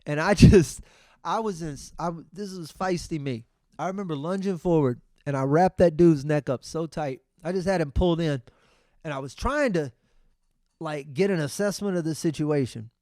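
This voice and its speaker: A middle-aged man, hosting his podcast and telling a story in a casual, profane, animated way. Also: on the high side, moderate pace, dry recording, studio quality. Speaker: podcast host.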